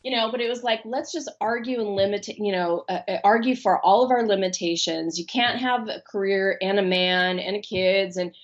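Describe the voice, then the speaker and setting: A woman's voice: medium pitch, moderate pace, hardly any pauses, muffled recording. A woman life coach and author, telling stories in a podcast interview and acting out the voices of the people she quotes. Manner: animated storyteller, acts out quoted voices.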